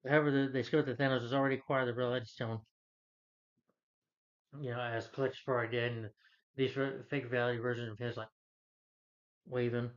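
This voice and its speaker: A man's voice: medium pitch, flat delivery, brisk, long pauses, highs cut off. A man recapping a superhero film's plot in a casual, rambling way, often restarting sentences and quoting characters in his ordinary voice. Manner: rambling, with many restarts and fillers; quotes characters in his own voice. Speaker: film reviewer.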